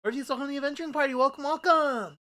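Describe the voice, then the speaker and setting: A man on a livestream in casual chat, playful and halting, trailing off into fillers. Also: very high-pitched, pushed and bright. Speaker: streamer and voice actor.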